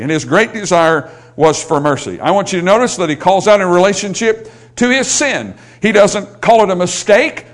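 A man's voice: high-pitched, moderate pace, hardly any pauses. A male pastor preaching a sermon, building in intensity and pleading when he quotes scripture.

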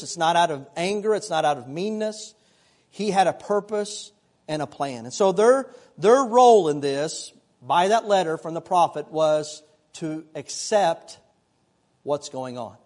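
A middle-aged man preaching from the pulpit with a fairly high voice. He moves between scripture and personal stories, keeping an easy, conversational feel. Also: a little mellow. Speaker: pastor. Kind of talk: sermon.

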